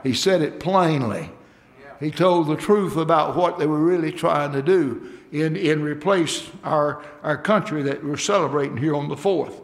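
A man's voice: on the high side, a little slow. A man preaching a sermon, folksy and emphatic, calling out for amens from the congregation.

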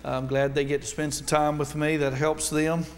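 A middle-aged man with a North Alabama accent preaches in a church sanctuary, his voice sitting a little higher than most men's. He talks in a folksy way and drops joking asides between points. The room carries a long, ringing reverb. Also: level tone, moderate pace, a little hiss or hum. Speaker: visiting Baptist preacher. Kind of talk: sermon.

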